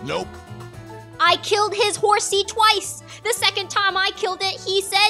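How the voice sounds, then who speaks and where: A woman's voice: very high voice, moderate pace, over music. A young woman hosting a gaming channel, narrating gameplay in a playful, mock-boastful, trash-talking way. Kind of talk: comedic gameplay voice-over.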